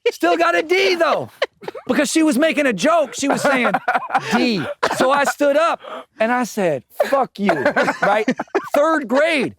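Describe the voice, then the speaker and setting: Lively high-voiced man telling funny stories. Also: measured pace, a crowd in the background. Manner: animated, laughing, acts out the people he quotes. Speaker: guest musician. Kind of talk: comedic storytelling in casual chat.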